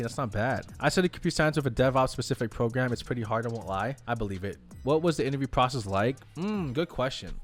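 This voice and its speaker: A young web developer is streaming live, reacting excitedly to salary figures and talking to his chat in a medium-pitched voice.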